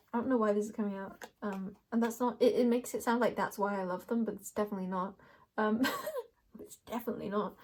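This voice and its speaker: A woman's voice: mid-range voice, darkish tone. A young woman doing a casual card reading, playful and rambling, laughing often as she talks to herself and the viewer. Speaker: tarot reader.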